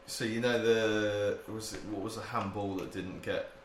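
Male co-host, casual and animated, boomy room with light hiss. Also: moderate pace. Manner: animated, laughing, swearing banter. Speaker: podcast co-host; teacher. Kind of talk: casual chat. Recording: echoey room with faint hiss.

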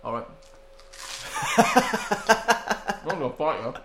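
A man's voice: a little high, big pitch swings, takes it slowly, noisy background. A man co-hosting a casual podcast at home, bantering with mock exasperation. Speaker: podcast co-host. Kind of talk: casual chat. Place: at home, early morning. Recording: roomy echo.

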